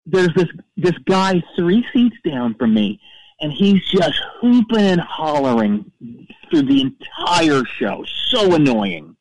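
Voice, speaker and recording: A fussy, self-righteous rock-fan caller stumbles and circles through his grievances in a comedy call-in bit. His voice sits fairly high and swings around a lot, and it comes across dry and close to the mic. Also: big pitch swings, slow pace, vocal fry, dry recording, exaggerated voice, poor audio. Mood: indignant. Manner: rambling, stammering, indignant.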